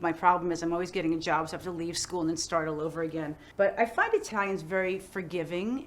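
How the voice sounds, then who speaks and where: A middle-aged woman, an actress chatting casually in an interview, animated and full of "like" fillers. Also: fairly low pitch. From United States.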